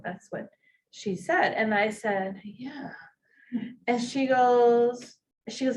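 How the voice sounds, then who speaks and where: Animated accented woman storyteller. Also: a little high, measured pace. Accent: non-native English. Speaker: social work presenter. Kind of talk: personal storytelling in a talk. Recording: distant mic, faint hiss.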